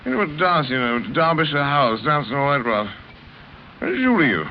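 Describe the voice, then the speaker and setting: An actor playing a drunken upper-class English gentleman who rambles in a slurred, singsong way, in a 1930s radio drama. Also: on the high side, very animated, normal speed, a little hiss or hum. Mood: tipsy rambling. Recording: muffled old radio rehearsal tape.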